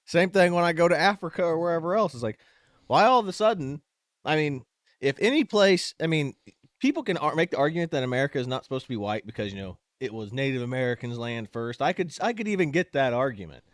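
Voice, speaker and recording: Male co-host with a lively, swooping delivery and a dry, close sound. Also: a little high, fast talker, no echo. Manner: animated, reads headlines aloud. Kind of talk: talk show banter.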